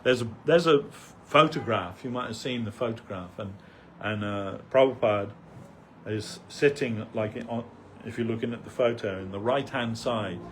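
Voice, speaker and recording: Low-voiced older man telling temple stories. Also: moderate pace, fairly bright tone, a little hiss or hum. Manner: rambling storyteller, many fillers and restarts, chuckles between anecdotes. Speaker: devotee speaker at a temple festival. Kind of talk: anecdotal remembrance talk.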